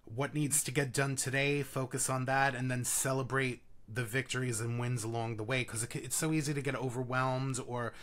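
A man's voice: mid-range voice, flat delivery, normal speed, few pauses. A man with a New York accent, a magazine editor guest, talking in a rambling way full of fillers. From Queens, New York. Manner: rambling, filler-heavy, warm. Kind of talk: casual interview chat.

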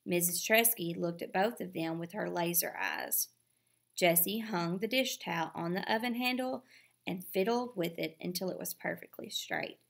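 A woman reading a children's novel aloud with expressive storytelling. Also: mid-range voice, vocal fry. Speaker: reader.

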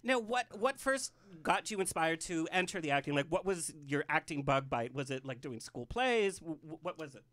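A sassy, flamboyant man hosting a casual chat, quick to laugh. His voice is high for a man, and his tone is bright and forward. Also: animated. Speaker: podcast host.

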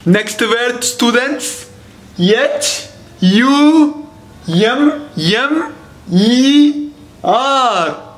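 A man's voice: high-pitched, animated, a bit bright, echoey room, soft background music. A man playing a bossy male English teacher with an Arabic accent in a comedy sketch, who insists he is right and scolds his students. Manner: insistent, scolding, spells words out slowly.

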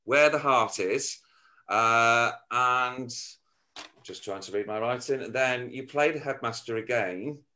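A man's voice: medium pitch, takes it slowly, sharp tone, a little hiss or hum. A man hosting a casual remote interview over a video call, chatty and reading from his notes with plenty of ums. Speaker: interview host.

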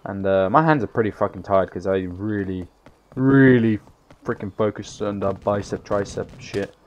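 A man's voice: on the low side, normal speed, highs cut off, a little hiss or hum. Tired, rambling man in gameplay commentary. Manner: rambling, swears freely, loud bursts of excitement. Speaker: gaming YouTuber.

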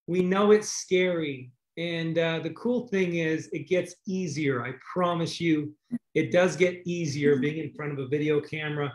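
Thankful host guy rambling on an echoey video call, kinda high voice. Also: unhurried. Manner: warm, grateful, rambling with restarts. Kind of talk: casual hosting and announcements.

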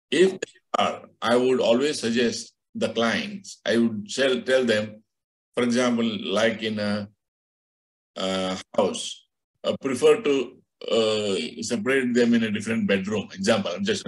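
A man teaching an astrology class over a video call, explaining loosely with many fillers and restarts. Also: on the low side. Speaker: astrology instructor. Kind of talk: online class lecture.

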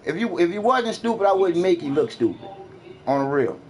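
A man trash-talks a rival player mid-game, repeating his taunts. His voice sits on the higher side and leaps up and down as he mocks. A faint noise hums behind him. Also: expressive, brisk, darkish tone. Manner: taunting, mocking, repetitive jeers. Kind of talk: trash talk during an online game.

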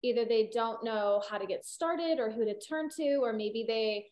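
A middle-aged woman with a somewhat high voice, a veterinarian talking loosely in an interview. She rambles, piles on fillers and restarts her sentences as she explains. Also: normal speed, darkish tone. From California. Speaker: holistic veterinarian guest. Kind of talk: casual interview conversation.

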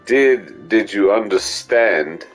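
A man's voice: on the low side, lively intonation, slow pace, soft background music, voice pushed down. A man putting on an exaggerated, run-together folksy drawl while he plays a game. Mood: rambling.

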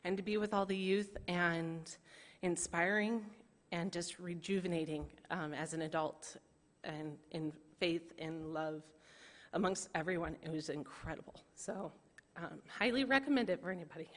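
A woman's voice: fairly low pitch, moderate pace. A woman volunteer giving a hesitant, self-deprecating testimony to a church congregation, with many fillers. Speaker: church volunteer small group leader. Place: church sanctuary. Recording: reverberant church hall.

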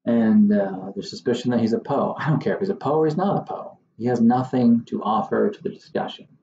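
A man's voice: mid-range voice, fairly quick, warm tone, reverberant, dull audio, slight background noise. A man who hosts his own channel as a surveyor, talking casually to the camera in a wry, exasperated way. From Southern Maine. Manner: wry, exasperated, mocking impressions of others.

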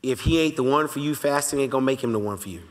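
A pastor teaching a Bible study in a relaxed, conversational way, talking straight to the congregation and slowly repeating his key lines. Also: mid-range voice. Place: church sanctuary. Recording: long reverb of a large church hall.

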